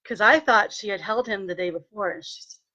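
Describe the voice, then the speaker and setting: A woman telling a personal story in a lively way, acting out what people said and turning earnest when she speaks of faith. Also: medium pitch, brisk, muffled recording. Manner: animated, acts out quoted dialogue. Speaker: vlogger sharing a personal testimony.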